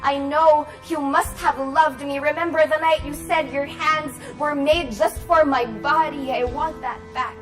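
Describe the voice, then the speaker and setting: A woman's voice: high voice, steady tone, a little slow, hardly any pauses, over music. A woman, a confessional poet, speaking about her work and performing a spoken word poem with rising intensity. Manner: confessional, intense, builds from hushed to forceful. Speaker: guest poet.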